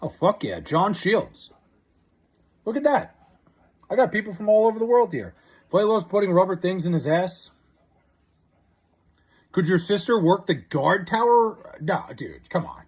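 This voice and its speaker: Male streamer, husky voice, lively pitch, loose profane chat with viewers, drawls out joke names. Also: measured pace, pauses often. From New York area. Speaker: livestreamer. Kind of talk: casual live stream chat, reading viewer comments. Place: his house.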